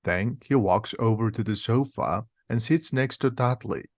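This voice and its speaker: Man narrating slowly for language learners. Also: mid-range voice, no room sound. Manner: slow, simple, clearly paced. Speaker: reader. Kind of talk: slow graded-reader story narration for learners.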